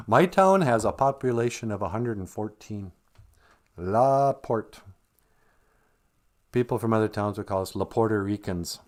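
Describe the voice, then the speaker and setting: Slow and full of pauses, a fairly low, darkish male voice carries lively intonation. He's a Minnesotan with an Upper Midwest accent hosting a casual stream, reading viewers' comments aloud with chuckles and teaching Ojibwe words.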